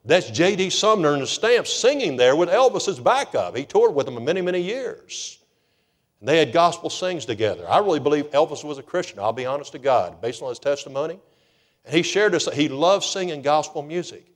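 A male pastor delivers a sermon. His voice sits slightly high, and he swings from slow, earnest stretches into fervent, emphatic calls. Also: big pitch swings.

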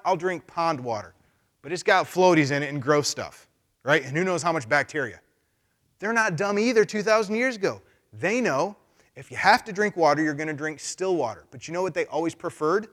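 A male pastor giving a casual, animated sermon, acting out voices as he goes. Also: fairly high pitch. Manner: animated, conversational, acts out voices.

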